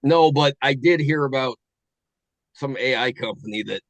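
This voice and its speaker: A middle-aged man hosting a casual podcast chat, thinking aloud in a halting way with many restarts. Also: mid-range voice, no echo, poor audio. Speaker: podcast host.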